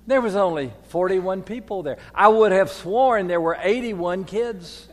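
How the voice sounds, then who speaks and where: An older man, preaching a folksy sermon as priest, moving from quiet reflection to loud storytelling. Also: high-pitched, measured pace. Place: church. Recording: long reverb of a church hall.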